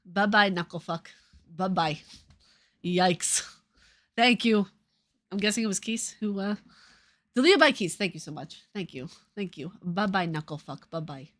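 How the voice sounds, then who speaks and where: Woman streamer with a New Jersey-New York accent, casual live chat, sarcastic and salty, mid-pitched voice. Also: expressive. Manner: sarcastic, profane, quick swings between loud and muttered.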